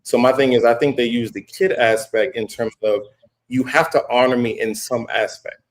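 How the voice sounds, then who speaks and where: Man in his thirties, mid-pitched voice, assertive, lecturing tone, casual podcast talk. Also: fairly even intonation, moderate pace. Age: 30s. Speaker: podcast panelist. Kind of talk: casual debate.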